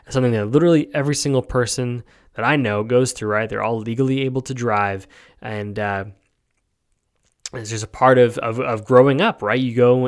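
A medium-pitched, clear and resonant voice belongs to an American podcast host giving a casual opinion monologue. He talks his views through in a rambling way, with plenty of fillers and a recurring "right?"

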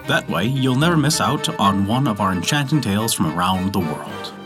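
A man narrating a folk tale as storyteller, lively and expressive. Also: mid-range voice. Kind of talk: scripted narration.

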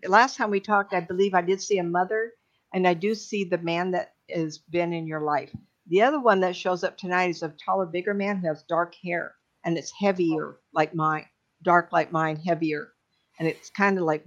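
A middle-aged woman, a psychic medium, giving readings on a live stream in an emotional, chatty way with many fillers and pauses. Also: fairly low pitch. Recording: dull lo-fi stream audio.

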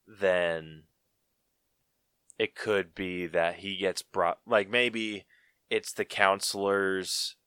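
A man talking slowly on a podcast in a low, smooth voice. He rambles through his ideas in a loose, laid-back way, filling gaps with "like." The sound is dry and close. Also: steady tone, pushed and bright, no room sound. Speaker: podcast co-host. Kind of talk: casual chat. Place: podcast studio.

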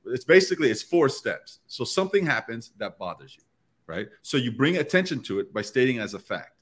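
Guy on a podcast panel breaking stuff down step by step, mid pitch, keeps acting out little bits of dialogue. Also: sing-song, a little fast, breathy edge. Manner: explains step by step, often acting out quoted dialogue. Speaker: podcast guest. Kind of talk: casual round-table explanation.

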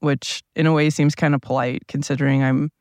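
A man's voice: on the high side, little pitch movement, dry recording, clean studio sound. A man with a groggy morning voice, rambling casually through a solo podcast while seated at a table inside a parked RV. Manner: rambling, unhurried, self-questioning. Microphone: small plug-in mic powered by a tablet.

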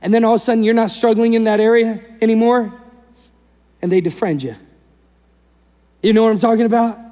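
High-voiced male pastor preaching. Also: brisk, big-room sound. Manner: animated, acts out voices of the people in the story, swings between loud and hushed. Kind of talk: sermon.

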